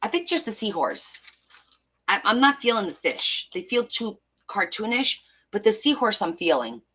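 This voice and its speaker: With slight background noise, a very animated woman chats while assembling a junk journal, gushing about stickers and muttering to herself as she sorts. This crafting vlogger describes her own lilt as valley-girl; her mid-range voice is bright and forceful at a normal pace.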